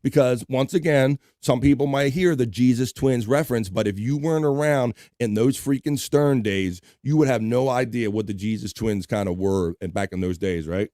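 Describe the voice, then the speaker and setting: A man's voice: medium pitch, moderate pace, few pauses, warm tone, no echo, studio quality. A man hosting a casual livestream show, reading chat aloud, laughing and swearing loosely. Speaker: host.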